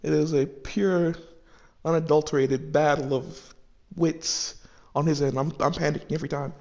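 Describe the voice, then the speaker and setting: Gravelly high-voiced man swearing through commentary. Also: moderate pace. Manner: profane, repetitive, animated reactions. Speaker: gaming channel host. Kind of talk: casual let's-play commentary.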